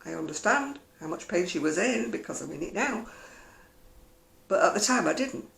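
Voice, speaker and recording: A woman talks in a casual home vlog, chatty and wry, her voice gravelly with fry. The room around her is roomy and echoey. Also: lowish voice, lively intonation, normal speed, fairly bright tone. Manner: chatty, wry, mimics other people's voices. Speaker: vlogger. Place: at home, indoors.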